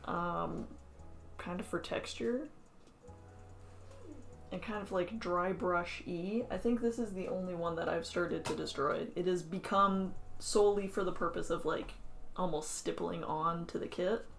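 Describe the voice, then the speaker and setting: Low gravelly woman, relaxed and hesitant. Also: a little slow, soft background music. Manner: relaxed, hesitant, many ums. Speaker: co-host painting a model kit. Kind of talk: casual chat while painting.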